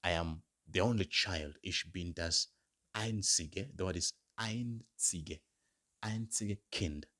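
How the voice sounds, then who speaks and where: A man teaching basic German phrases in a lesson, saying each phrase slowly several times and then giving the English meaning. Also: low-pitched, bright, forceful tone. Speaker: German language tutor. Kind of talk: slow, repeated language lesson.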